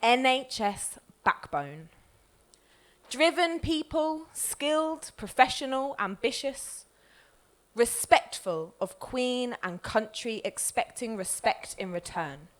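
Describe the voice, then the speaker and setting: A woman who co-founded the group, reading poems aloud at a live event with measured, expressive delivery. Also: fairly high pitch.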